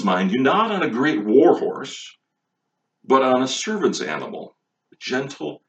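A man preaching a sermon, emphatic and full of rhetorical questions, recorded on a distant mic with a dull, lo-fi sound. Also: medium pitch. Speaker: pastor.

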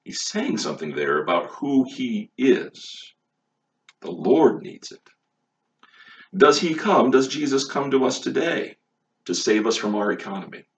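A man's voice: medium pitch, sing-song, normal speed. A man preaching a sermon, emphatic and full of rhetorical questions, recorded on a distant mic with a dull, lo-fi sound. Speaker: pastor.

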